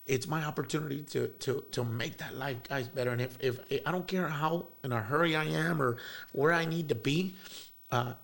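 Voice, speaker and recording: A man's voice: a little high, normal speed, creaky, fairly bright tone. A man, telling a heartfelt story as an interview guest, rambling with many fillers and bits of Spanish slang. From South Texas.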